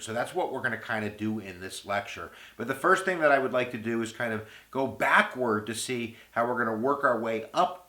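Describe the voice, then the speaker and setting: A man giving an energetic history video lecture, full of goofy jokes and playful asides. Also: fairly low pitch. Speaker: history teacher. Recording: roomy echo with faint music.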